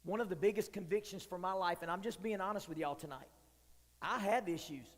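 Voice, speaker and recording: A man's voice: high voice, fairly quick. A man preaching as a youth pastor, joking and candid with the young crowd. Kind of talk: sermon. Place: church hall. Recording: long hall reverb.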